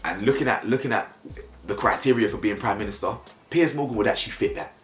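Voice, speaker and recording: Worked-up young man ranting. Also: quick pace. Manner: animated, gets worked up, voice jumps high when indignant. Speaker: YouTube commentator. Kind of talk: opinionated commentary vlog. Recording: roomy echo, faint music behind.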